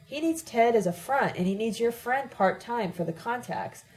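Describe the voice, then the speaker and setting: A woman's voice: on the high side, expressive, moderate pace, a little mellow, close to an everyday voice, low-quality recording. A woman reading the part of an angry young man who scolds bluntly and crudely, in an audiobook.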